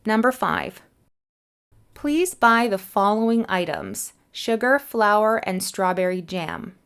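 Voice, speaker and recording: A woman teaching an English punctuation lesson, explaining each answer clearly and patiently and spelling letters out slowly. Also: mid-range voice, very animated, a bit bright.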